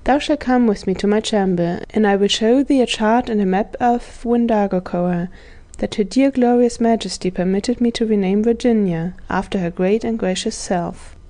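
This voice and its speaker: A woman reading the part of a proud, courtly old gentleman prisoner in a storybook, speaking in old-fashioned formal phrases. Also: mid-range voice, moderate pace, close to an everyday voice. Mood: wistful. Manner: archaic courtly speech.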